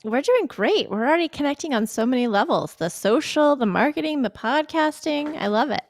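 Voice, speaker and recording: A woman from Texas with a slight Texan accent, a podcast guest talking in a friendly, quick, enthusiastic way. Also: high-pitched, lively intonation. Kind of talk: casual interview chat.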